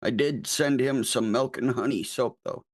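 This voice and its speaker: A man speaks as a panelist in a loose live chat, blunt in his wording and swearing freely. His voice sits at an ordinary middle pitch. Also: normal speed. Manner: blunt and profane.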